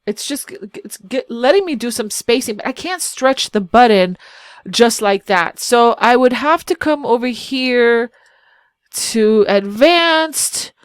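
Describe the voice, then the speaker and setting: A woman's voice: a little high, animated, takes it slowly, smooth, dry recording, studio quality. A woman web designer hosting a casual screen-share walkthrough of website builders. She talks in a chatty, self-deprecating way and thinks aloud as she clicks around. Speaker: web designer and channel host.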